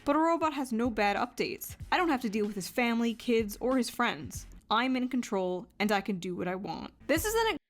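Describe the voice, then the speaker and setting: A woman's voice: fairly high pitch, expressive, fairly quick, hardly any pauses. Playful giggly woman reacting to videos. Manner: playful, giggly, ironic jokes. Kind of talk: casual reaction commentary and reading aloud.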